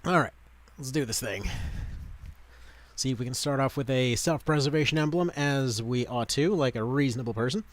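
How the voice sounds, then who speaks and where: A man's voice: medium pitch, moderate pace. A man in his thirties chatting casually as he streams a game, rambling with lots of fillers and restarts. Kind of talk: casual gameplay commentary.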